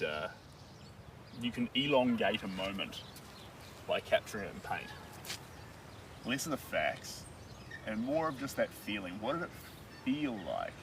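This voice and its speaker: A man chats on a live stream as he paints, rambling and joking while he thinks aloud. His voice sits low, and he is picked up from some distance by the mic. Outdoor sounds, with birds and a rural backdrop, come through clearly behind him. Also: noisy background.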